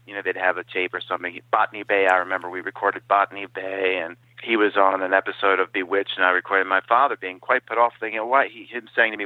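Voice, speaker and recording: A man guesting on an interview, telling stories in a lively way and dropping into quoted impressions. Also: lowish voice, quick pace, hardly any pauses, no room sound. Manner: animated storyteller who slips into quoted impressions. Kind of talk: casual interview over the phone. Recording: dry, tinny phone-line sound.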